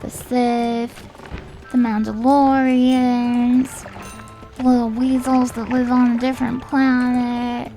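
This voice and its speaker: A woman streaming a game, chatting casually and musing aloud, often trailing off into quiet mumbles. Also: a little high, monotone, a little slow. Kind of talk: casual live-stream commentary. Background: game music.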